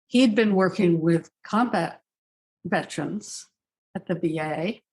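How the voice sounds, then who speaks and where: Older woman guest, low-pitched, measured and reflective, with dry wit. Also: darkish tone, breathy edge. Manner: measured, thoughtful storytelling with dry asides. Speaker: psychiatrist guest. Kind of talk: reflective interview answers.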